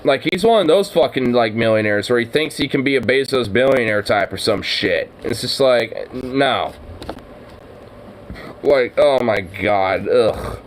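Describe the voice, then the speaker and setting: A man's voice: medium pitch, unhurried, slight background noise, poor audio. A man streaming his reaction to a video, ranting angrily and swearing constantly. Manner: angry, swearing rants. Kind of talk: profane reaction commentary.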